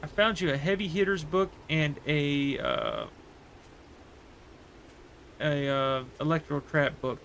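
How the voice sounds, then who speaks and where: A man's voice: a little high, big pitch swings, slow, creaky, pauses often, fairly bright tone, a little hiss or hum. A man livestreaming a game, chatting casually and rambling through a story with many fillers. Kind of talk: casual chat while gaming.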